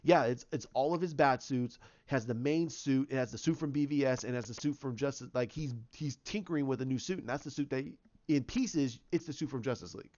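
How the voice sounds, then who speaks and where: Guy rambling thru his movie idea, mid pitch, kinda muffled lo-fi audio. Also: fairly quick, few pauses, darkish tone. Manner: rambling with frequent restarts and fillers. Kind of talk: casual retelling.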